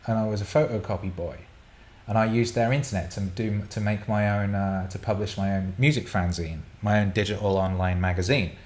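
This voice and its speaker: Man, host, lowish pitch, casual rambling storytelling, swears, restarts a lot. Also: a little mellow. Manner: rambling, swears freely, many fillers and restarts. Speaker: podcast host answering listener questions.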